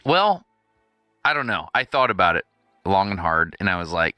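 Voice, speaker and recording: A podcast co-host with a low voice tells a story in lively, casual chat, laughing a lot and acting out what people said. He speaks at a moderate pace with frequent pauses, in a dry recording with soft background music.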